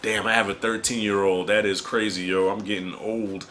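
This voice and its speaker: A man's voice: fairly low pitch, flat delivery, moderate pace, fairly bright tone. A man in his thirties giving a casual, slangy movie review, chatty and often chuckling.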